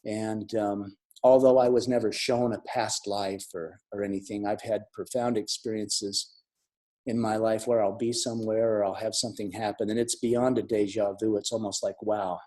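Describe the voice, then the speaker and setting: A middle-aged man telling a personal story in an earnest, reflective way, with restarts and soft drops in volume. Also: fairly low pitch, flat delivery, moderate pace. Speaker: speaker sharing a near-death experience. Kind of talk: personal storytelling talk with audience questions. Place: online summit talk.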